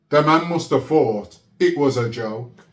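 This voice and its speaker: A man telling a story in a casual, animated way, laughing often and checking in with "yeah?". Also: fairly high pitch. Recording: roomy echo.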